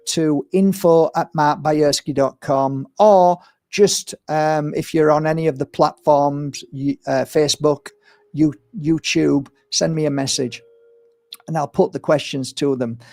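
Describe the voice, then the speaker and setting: A man's voice: a little high, fairly even intonation, unhurried, darkish tone, no room sound. Impassioned man rambling on a livestream. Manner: rambling and impassioned, given to ranting. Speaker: livestream host. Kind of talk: casual livestream monologue. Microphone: streaming setup mic.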